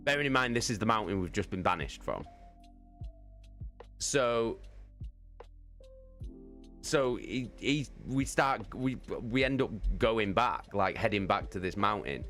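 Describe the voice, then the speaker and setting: A man's voice: on the low side, animated, a little slow, long pauses, a bit bright, soft background music. A man streaming live, casually telling a tabletop game story, swearing constantly and laughing often.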